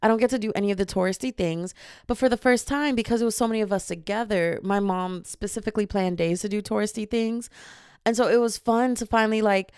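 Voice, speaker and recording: A young woman hosting her own show, telling a funny travel story in a casual, animated way with quick asides and laughter. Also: medium pitch, clean tone, no echo, clean studio sound. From family from Dominica. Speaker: podcast host.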